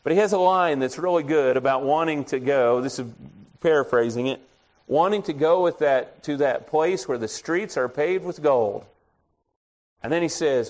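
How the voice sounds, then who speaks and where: A man's voice: on the high side, normal speed, a little mellow. A middle-aged man preaching a sermon in a conversational way, telling folksy stories from his own life. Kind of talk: storytelling sermon.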